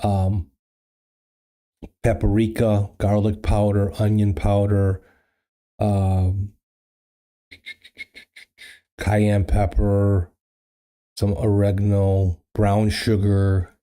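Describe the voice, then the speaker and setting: A man's voice: fairly low pitch, monotone, very slow, long pauses, dark tone. A man hosting a casual livestream chat, rambling with many fillers and restarts into a studio microphone. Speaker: livestream host.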